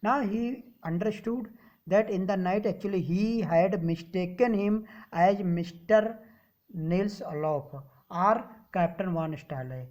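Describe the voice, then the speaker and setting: A teacher with an Indian English accent walks through a story slowly and patiently. Each sentence is read aloud, then glossed in plainer words. The recording sounds somewhat dull and muffled. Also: medium pitch, a little mellow. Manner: reads a line, then repeats it in simpler words. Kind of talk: explaining a story lesson.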